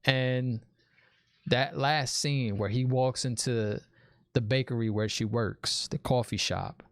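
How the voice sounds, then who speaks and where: A man's voice: medium pitch, fairly even intonation, slow pace, dry recording. A man in an easygoing spoiler review with a mid-range voice. He talks with loose enthusiasm, repeating himself and restarting as his thoughts catch up. The recording is dry and close. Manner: chatty and enthusiastic, often calls the listener "man". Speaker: movie reviewer.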